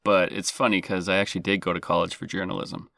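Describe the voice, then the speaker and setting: A man's voice: deep voice, little pitch movement, fast talker, gravelly, a bit bright, no echo, studio quality. A man hosting a comedy podcast, talking in a self-deprecating, jokey, sarcastic way. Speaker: podcast host.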